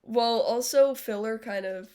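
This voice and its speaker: A young woman with a fairly high voice chats casually on a live stream. She is blunt and sarcastic, and she swears freely. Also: measured pace, dark tone, clean tone. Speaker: livestreamer. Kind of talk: casual chat with viewers.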